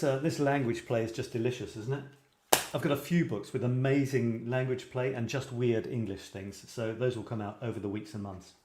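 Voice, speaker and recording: Male host, middle pitch, casual and rambling, reads poems playfully, roomy echo. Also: darkish tone. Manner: chatty, lots of fillers and restarts; reads light verse playfully. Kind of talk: casual chat and reading poems aloud.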